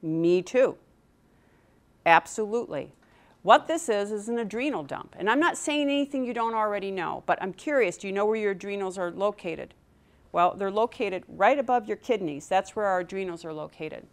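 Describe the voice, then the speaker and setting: Animated woman coaching on public speaking. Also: mid-range voice, normal speed. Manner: animated, asks the audience questions, acts out nervous inner voices. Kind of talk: motivational talk to a live audience.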